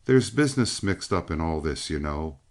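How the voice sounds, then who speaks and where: Male reader doing a teasing young frontier woman, pitched up a bit, lively delivery. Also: normal speed, gravelly, exaggerated voice. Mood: wistful.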